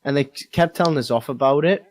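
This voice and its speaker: A man's voice: medium pitch, a little fast, noisy background. A young man with a Geordie accent telling a rambling, sweary story in casual podcast chat. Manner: rambling, heavy swearing, many fillers. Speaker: podcast co-host.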